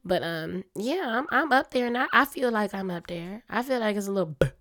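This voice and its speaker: A young adult woman hosting a casual personal podcast, chatty and confiding, her voice a little hoarse and throaty. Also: expressive, fairly quick, a bit bright. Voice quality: deeper, grown-up voice than her usual small one. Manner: chatty, confiding, talks straight to listeners as y'all. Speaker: podcast host.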